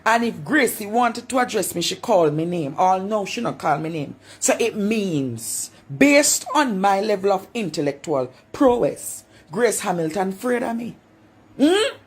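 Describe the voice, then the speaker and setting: Woman, Jamaican accent, husky voice, very lively swooping pitch, taunting, repeats lines. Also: unhurried. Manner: taunting, preacher-like, repeats phrases. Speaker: vlogger. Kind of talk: confrontational monologue.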